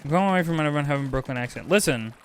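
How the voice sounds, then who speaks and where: A man live-streams a video game, chatting with viewers in casual commentary and reacting loudly, veering from excited yelps to low mutters. He talks at a racing pace, and a little hiss or hum sits in the audio.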